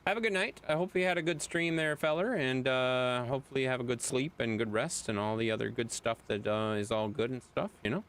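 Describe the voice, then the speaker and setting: A man streaming a game live, joking and swearing with his friends in lively banter. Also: medium pitch, fairly quick, hardly any pauses. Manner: excitable, profane, joking.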